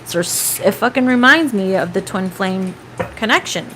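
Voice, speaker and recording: A woman's voice: mid-range voice, lively intonation, moderate pace, bright, forceful tone, a little hiss or hum, low-quality recording. A woman giving a casual tarot reading, chatty and profane, now and then breaking into snatches of song. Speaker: tarot reader.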